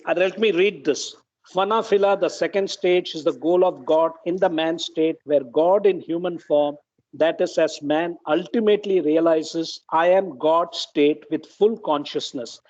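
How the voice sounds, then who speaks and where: A man's voice: fairly high pitch, measured pace. A man, reading and arguing emphatically in an online study group, often saying "okay". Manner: emphatic, apologetic, repeats "okay". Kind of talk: heated group discussion and reading. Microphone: video call. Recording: dull lo-fi video call audio.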